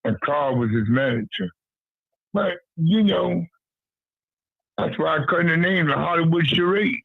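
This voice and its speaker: A man's voice: a little high, measured pace, vocal fry, slightly rough, dry recording. A man talking boxing on a call, blunt and repetitive, with street slang. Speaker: guest on a boxing talk show. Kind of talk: casual phone-in chat. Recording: tinny phone line, dry.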